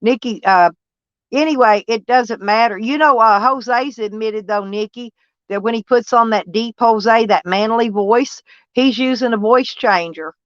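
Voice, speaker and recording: A woman's voice: a little high, measured pace, dry recording. A woman with a Southern American accent chatting casually on a livestream, rambling and answering viewers by name. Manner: rambling, talks back to chat by name. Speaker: vlogger reading live chat. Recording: dull lo-fi dry sound.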